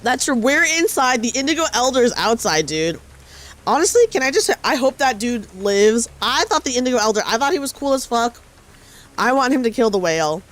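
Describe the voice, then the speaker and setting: A woman streaming a game, chatting casually with her viewers in a bubbly, excitable, giggly way. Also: on the high side, brisk. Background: faint game music.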